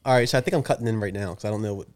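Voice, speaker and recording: A young man co-hosting a podcast in casual chat, an animated storyteller who cracks up at his own jokes. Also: lowish voice, very fast. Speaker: podcast co-host.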